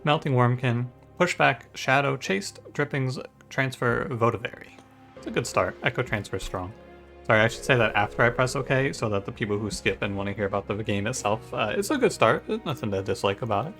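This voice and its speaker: A man's voice: medium pitch, brisk, fairly bright tone, faint music behind. A man casually chatting to his viewers in a rambling way while commenting on his gameplay. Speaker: gaming YouTuber.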